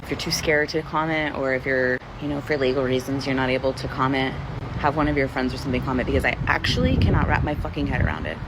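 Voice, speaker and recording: A woman's voice: rumbling low, animated, fast. A woman venting to the camera in a bitter, profane emotional monologue, recorded with noise and passing vehicles behind her. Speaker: person venting in a video clip.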